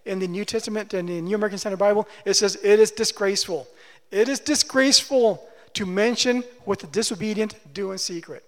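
Male preacher, high voice, emphatic sermon delivery with rhetorical questions, reverberant church hall. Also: a little fast. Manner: emphatic, repeats phrases, asks the congregation questions. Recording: long reverb of a large hall.

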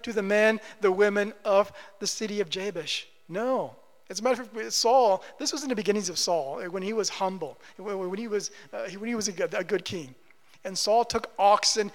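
High-voiced preacher in a reverberant hall. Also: male voice. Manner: swings from loud emphatic preaching to quiet, low asides, with repetition. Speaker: pastor. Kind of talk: sermon.

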